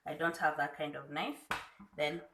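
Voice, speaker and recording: A woman from Kenya with a Kenyan accent, a food blogger calmly walking through a cooking tutorial step by step in her home kitchen. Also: low voice, echoey room, noisy background. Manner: unhurried, demonstrating step by step.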